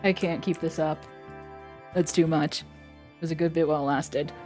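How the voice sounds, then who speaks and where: A woman's voice: sits low, steady tone, moderate pace, a little mellow, soft background music. A woman streamer giving casual game commentary with wry, self-mocking asides.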